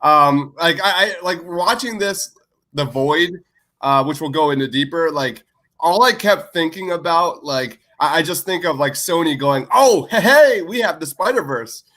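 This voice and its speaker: A man's voice: fairly high pitch, a little slow, bright, forceful tone. A man co-hosting a podcast in casual chat, enthusiastic and full of filler words. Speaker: podcast co-host.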